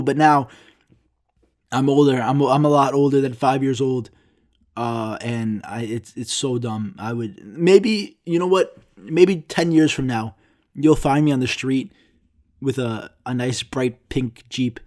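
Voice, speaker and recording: A young man rants alone into his podcast mic, swearing freely and sounding exasperated. He keeps slipping into mocking impressions of the people who annoy him. His voice sits at an ordinary middle pitch for a man. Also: moderate pace, a little mellow. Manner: profane, exasperated ranting. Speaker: podcast host. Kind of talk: solo podcast rant.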